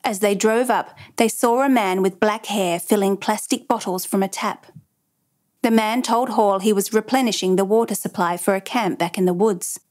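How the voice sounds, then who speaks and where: A woman giving measured, dramatic scripted narration of a true crime story. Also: mid-range voice, a little mellow.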